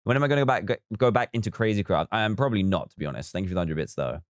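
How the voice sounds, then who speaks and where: A man's voice: fairly low pitch, lively intonation, very fast, no room sound, studio quality. A man live streaming a building game, chatting casually, reading viewer comments aloud and counting blocks as he works.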